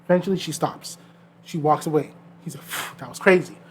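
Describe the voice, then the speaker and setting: Animated male podcast storyteller. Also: a little high, fairly quick, breathy edge. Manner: animated storyteller acting out quoted people. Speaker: podcast co-host. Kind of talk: casual storytelling chat.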